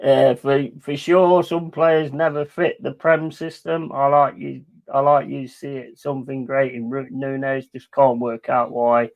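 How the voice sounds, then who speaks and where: A man hosting a football watch-along stream, talking casually and swearing freely, swinging from loud outbursts to low mumbled asides. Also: little pitch movement, a little slow, gravelly, hardly any pauses, dry recording, lo-fi sound. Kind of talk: casual live-stream chat.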